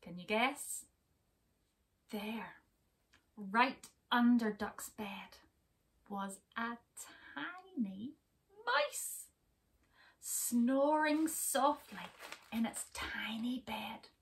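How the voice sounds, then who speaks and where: A woman reads a story to children at a slow, careful pace, in a fairly high voice. She is expressive and often drops to a hush. She sounds a little off-mic. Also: distant mic. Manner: expressive, with hushed whispers and asides to children. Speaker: teacher reading a story. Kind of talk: interactive children's story reading.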